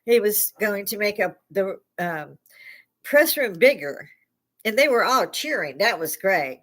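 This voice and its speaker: A woman's voice: mid-range voice, very animated, unhurried, fairly bright tone. An older woman from Chicago with a Chicago accent, hosting a live stream and ranting bluntly, with plenty of swearing. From Chicago, United States. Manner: blunt, profane, heated ranting. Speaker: livestream host. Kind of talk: opinionated live rant.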